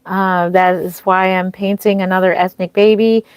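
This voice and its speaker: A woman's voice: medium pitch, little pitch movement, moderate pace, clear, resonant tone, dry recording. A woman streaming live as a reborn doll artist, chatting casually, greeting viewers and answering their comments with frequent ums and restarts.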